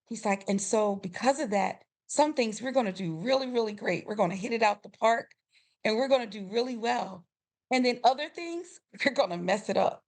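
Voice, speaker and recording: Middle-aged woman, podcast guest, animated storytelling, voices quoted people, frequent laughter. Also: a little high, moderate pace. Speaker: podcast guest, grief coach. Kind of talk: storytelling in a conversational interview.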